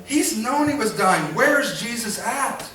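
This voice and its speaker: High bright-voiced preacher in an echoey hall. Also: male voice, a little slow, far from the mic, background noise. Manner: animated preaching, acts out voices, calls for response. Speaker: pastor. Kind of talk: sermon. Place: church sanctuary. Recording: echoey church hall, miked from afar.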